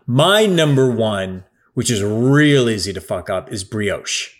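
A man's voice: fairly low pitch, very animated, takes it slowly. A man talking in a casual, emphatic chat, swearing now and then.

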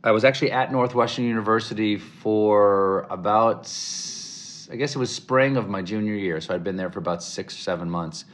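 A middle-aged man from the American South with a fairly low voice tells his stories in a casual interview. He talks in an animated way and puts on voices for the people he quotes. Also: normal speed. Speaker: interview guest, comedic actor.

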